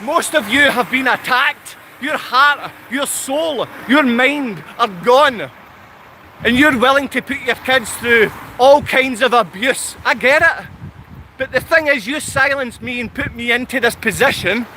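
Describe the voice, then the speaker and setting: Speaking a little slowly in a very high, bright, forceful voice, this Scottish man rants straight at his audience as a channel host. The live talk is fierce and confrontational and keeps circling back to the same points, with a faint hiss or hum present.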